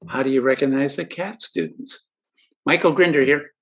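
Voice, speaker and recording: A man's voice: mid-range voice, moderate pace. An older man giving a friendly instructional talk to teachers, who now and then acts out students' replies. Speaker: educational presenter.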